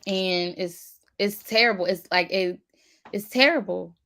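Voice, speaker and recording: A woman from Philadelphia co-hosting a casual chat, speaking in a measured, thoughtful way that sometimes trails off. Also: medium pitch, fairly bright tone. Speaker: co-host.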